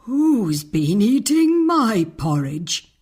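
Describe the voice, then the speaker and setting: Huffy mama bear in a kids cartoon, husky and slow. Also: female voice, very animated, a little mellow, full character voice. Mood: indignant. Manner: shrill and indignant. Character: fretful mother bear. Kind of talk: storybook cartoon voice acting.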